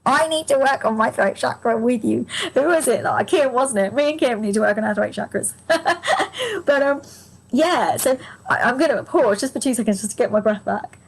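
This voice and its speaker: A woman's voice: a little high, animated, normal speed, husky, low-quality recording. A woman giving a live angel card reading to viewers. She is chatty and gushing, laughs often, talks to viewers by name, and her voice is strained and fading.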